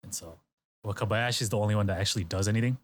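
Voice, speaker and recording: Male podcast host, slightly low voice, casual storyteller who acts out quotes. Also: racing. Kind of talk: casual chat recapping a variety show.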